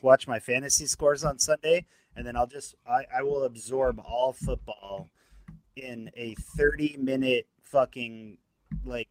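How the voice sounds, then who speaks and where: A man co-hosting a casual sports podcast, swearing freely as he tells animated stories. His voice sits at an ordinary middle pitch, with a loose, conversational delivery. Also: dry recording, poor audio. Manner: profane, animated storytelling. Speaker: podcast co-host.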